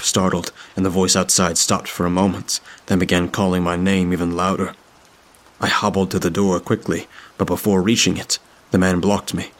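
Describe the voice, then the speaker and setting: Man, horror story narration, very deep, gravelly, flat, measured.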